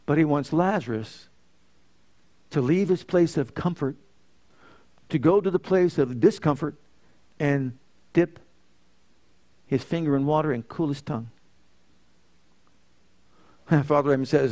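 A man preaching a sermon, asking rhetorical questions and swinging between loud emphasis and soft, low passages. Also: normal speed, pauses often.

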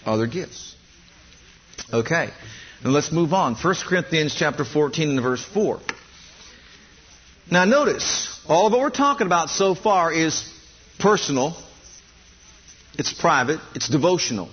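A male preacher with a high, husky voice delivers a sermon in emphatic, repeating phrases. The recording is dull and lo-fi. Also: expressive, unhurried, long pauses. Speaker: pastor.

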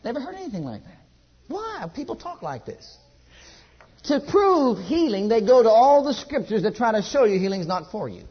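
A man preaching a sermon at a church service. He repeats his exhortations emphatically and drops to a hush. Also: high-pitched, very animated, a little fast, hardly any pauses, breathy edge, highs cut off.

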